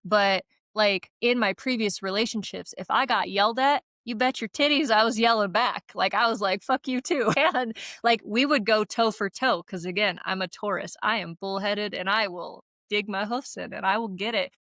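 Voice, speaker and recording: A woman's voice: mid-range voice, moderate pace, a bit bright, dry recording. A woman co-hosting a casual podcast who talks bluntly and swears freely, spinning stories in emphatic run-on bursts. She laughs often, punctuating with "like" and "right?". Her voice sounds dry and close, with little room around it. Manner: blunt and profane, storytelling with frequent laughs. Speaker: podcast co-host.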